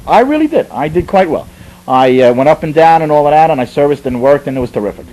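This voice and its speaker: Speaking fast with a voice on the high side, the New Yorker from the Bronx continues his humorous army-training story despite poor audio. He's chatty and animated, with frequent digressions and restarts.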